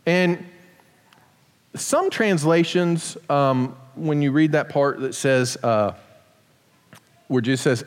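A man's voice: fairly high pitch, measured pace, long pauses. A man giving a casual sermon as pastor, explaining scripture with joking asides in a church sanctuary. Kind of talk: conversational sermon. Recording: long hall reverb.

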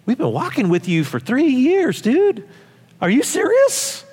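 A man's voice: very high voice, wildly swooping pitch, unhurried, darkish tone, breathy edge, voice pushed up, heavily acted. A pastor voicing Peter as a brash young man, protesting in disbelief in a reverberant church hall. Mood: incredulous. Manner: incredulous, protesting.

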